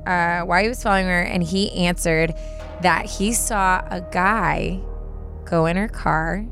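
A woman's voice: fairly low pitch, fairly even intonation, a little slow, fairly bright tone, faint music behind. A young woman co-hosting a podcast, casually retelling a scary story with lots of filler words. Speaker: podcast co-host.

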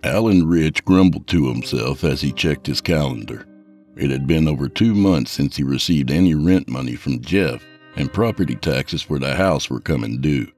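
Deep-voiced male narrator for horror fiction, measured, faint music bed. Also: lively intonation, darkish tone. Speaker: storyteller.

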